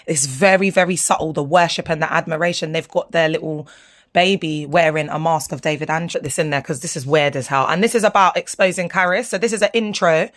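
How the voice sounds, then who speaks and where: A woman, talking straight to her viewers over photos in an indignant, animated commentary, full of slang. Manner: animated, indignant, slangy, swings between low asides and high exclamations. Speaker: vlogger speaking out about her former church.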